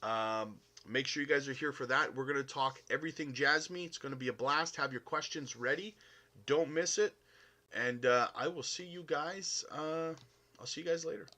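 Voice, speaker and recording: A man's voice: on the high side, normal speed, sharp tone. A Canadian man hosting a casual crypto live stream, answering chat in a chummy, upbeat way with many fillers.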